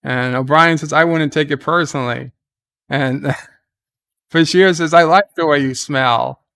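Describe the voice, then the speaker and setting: A man's voice: a little high, measured pace, creaky, pushed and bright, clean tone. A man hosting a live reaction stream, retelling the scenes in a casual, rambling way with restarts and fillers.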